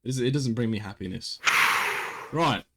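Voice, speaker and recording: A man's voice: medium pitch, measured pace, gravelly, over a noisy crowd. A young man, hosting a casual podcast chat and telling a story with lots of restarts. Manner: animated storyteller, self-interrupting with restarts. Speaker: podcast host.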